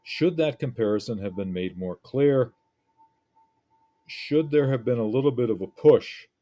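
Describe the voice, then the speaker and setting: A man teaching a lesson, picking apart an essay in a deliberate, reflective way with frequent pauses. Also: on the low side, warm tone.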